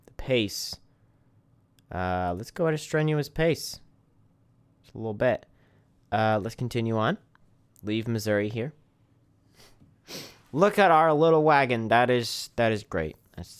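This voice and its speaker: A man casually commentating a game stream, reading the on-screen text aloud and joking at his own expense. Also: on the low side. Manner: self-deprecating, reads game text aloud. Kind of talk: casual let's-play commentary.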